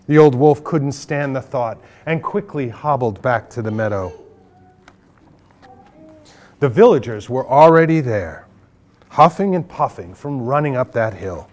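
A man's voice: medium pitch, a little slow, pauses often. A man, a children's book author, reading his picture book aloud to an audience of children in a library, leading them in call-and-response. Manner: animated, leads call-and-response with the kids. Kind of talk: live storybook reading to children.

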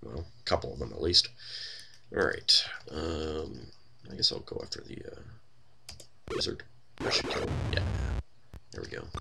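Let's-play host, a man with a deep, creaky voice and wry, rambling delivery. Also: animated, normal speed, pauses often, heavy background noise. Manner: wry, thinking aloud, many fillers. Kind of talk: casual gameplay commentary.

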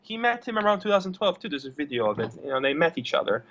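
High-voiced lively young man, blunt. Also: fast, slight background noise. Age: young adult. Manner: rambling, blunt, swears, repeats words. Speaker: interview guest. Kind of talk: casual interview talk. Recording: dull lo-fi recording.

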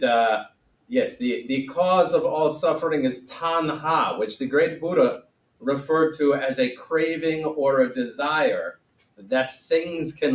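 A solemn ancient sage, put on by a man teaches in a wobbly foreign accent and broken grammar. His mid-pitched voice echoes around the room. It sounds as though it was picked up from a mic set some way off. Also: lightly acted. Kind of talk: playful in-character lesson. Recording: roomy echo, mic at a distance.

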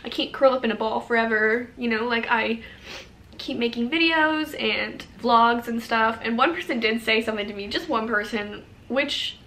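A woman's voice: on the high side, moderate pace. A woman in her twenties talking casually and emotionally in a vlog, rambling a little and saying "like" often. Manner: rambling, heavy use of "like", soft and emotional. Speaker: vlogger.

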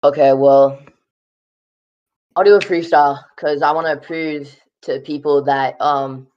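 A man's voice: fairly high pitch, steady tone, unhurried. A man from California, a guest rapper chatting loosely, laughing and swearing, short of breath after rapping. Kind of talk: casual chat between freestyles. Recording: dull lo-fi mic with faint hiss.

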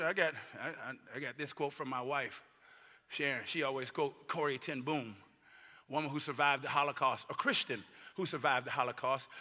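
A man, a bishop, preaching a sermon in a church, moving between quiet conversational asides to the congregation and shouted preaching. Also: on the high side. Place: large church sanctuary. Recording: long church-hall reverb.

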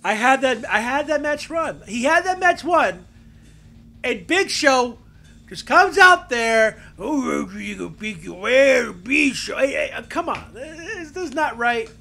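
Man, very high voice, bright and piercing, animated wrestling game commentary, mock-outraged shouts. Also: unhurried. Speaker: gameplay commentator. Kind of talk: excited play-by-play of a wrestling video game.

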